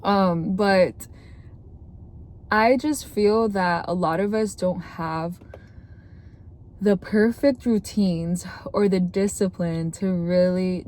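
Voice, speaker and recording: A woman's voice: on the low side, takes it slowly, a little mellow. A young woman with a sore throat giving chatty, earnest advice to the camera as a content creator, filling her talk with "like". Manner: chatty, earnest, with many "like" fillers. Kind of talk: casual talking-to-camera advice.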